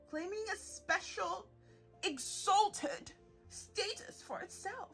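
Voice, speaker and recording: High-voiced sarcastic young woman podcaster. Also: normal speed, faint music behind. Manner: animated, sarcastic, laughs often, mock voices. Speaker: podcast host. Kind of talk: solo podcast monologue.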